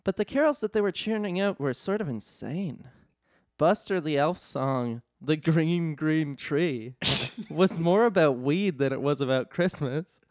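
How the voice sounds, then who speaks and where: A man's voice: on the high side, moderate pace, no room sound. Man reading a comedy story, dry sound. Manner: deadpan narration, often breaking into laughter. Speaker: storyteller host.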